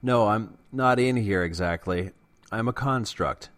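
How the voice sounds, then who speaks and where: A man voicing a calm middle-aged male construct who guards memories and speaks in a measured, formal way. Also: on the low side, no room sound. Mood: grave.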